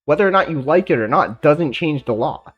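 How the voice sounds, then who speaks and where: A man's voice: a little high, animated, brisk, husky, lo-fi sound, faint music behind. A man from Canada giving blunt, swear-heavy reaction commentary, ranting casually. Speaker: reaction streamer.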